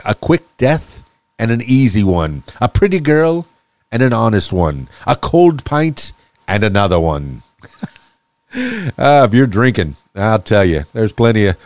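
A man's voice: fairly low pitch, a little mellow, no room sound. A man hosting a casual solo podcast, reading sayings aloud and musing on them with small chuckles and restarts. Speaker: podcast host.

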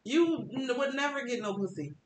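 A woman's voice: animated, normal speed. A woman talking bluntly and crudely in a casual podcast chat, joking and telling stories. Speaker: podcast guest. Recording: echoey room with faint rumble.

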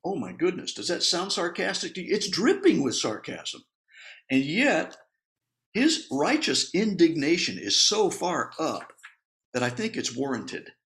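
A man's voice: a little high, very animated, measured pace, fairly bright tone. A man preaching a sermon, reading scripture and explaining it in a playful way, chuckling at the humor in the story.

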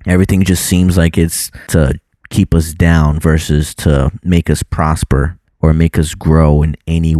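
Deep man, teasing, casual chat, lots of fillers, dry close sound. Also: little pitch movement, measured pace, dark tone, dry recording. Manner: teasing, filler-heavy with frequent "like".

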